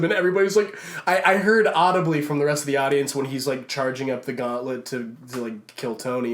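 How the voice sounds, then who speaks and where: A man co-hosting a casual podcast chat who rambles excitedly and stumbles over repeated restarts. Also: on the high side, fast, few pauses. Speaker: podcast co-host.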